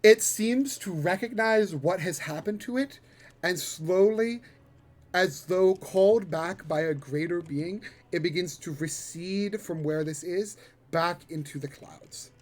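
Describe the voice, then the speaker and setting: High-pitched guy gm-ing a tabletop game, slow unhurried narration, lots of ums. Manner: descriptive, halting with fillers and swears. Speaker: game master.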